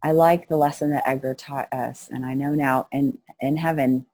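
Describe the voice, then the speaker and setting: Her pitch sits extremely low and her pace is moderate. She's a middle-aged missionary being interviewed, recounting stories with lively energy and mimicking the people in them.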